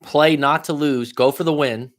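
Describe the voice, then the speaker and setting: Blunt, profane man coaching a viewer. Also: normal speed. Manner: lively swings between loud emphasis and low asides. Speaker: life coach. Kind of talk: casual livestream coaching advice.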